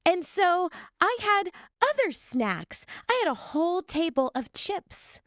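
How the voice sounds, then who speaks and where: Young adult woman, podcast co-host, bubbly storyteller, high voice, very expressive. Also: slow pace, no echo, studio quality. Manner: bubbly storyteller, laughs easily. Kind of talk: casual podcast chat.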